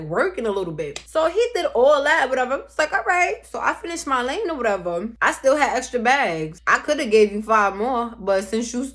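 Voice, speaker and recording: Blunt woman telling a story. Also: a little high. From Brooklyn, New York. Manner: blunt, profane, heated retelling. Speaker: storytime vlogger. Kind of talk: casual storytime.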